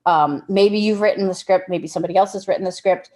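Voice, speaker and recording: A woman's voice: mid-range voice, fairly even intonation, fast, a little mellow. A woman giving a casual workshop talk on directing actors, explaining with everyday examples and often restarting her sentences. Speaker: film directing instructor.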